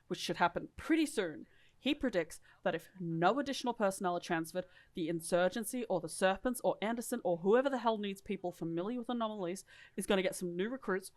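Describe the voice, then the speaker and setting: A woman's voice: mid-range voice, a little mellow. A woman co-hosting a podcast, reading lore aloud in a casual, irreverent way and swearing freely. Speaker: podcast co-host.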